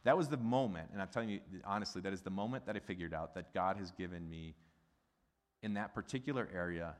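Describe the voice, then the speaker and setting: A middle-aged man from the Midwest preaching a sermon in a conversational, animated way, asking the congregation questions. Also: deep voice, fast. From American Midwest. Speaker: pastor. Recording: long hall reverb.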